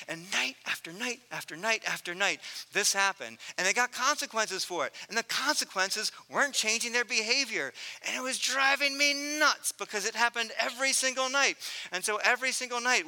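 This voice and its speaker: A man in his thirties preaching a sermon, telling a family story earnestly and swinging from loud to hushed. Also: sits high, animated, moderate pace. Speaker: pastor.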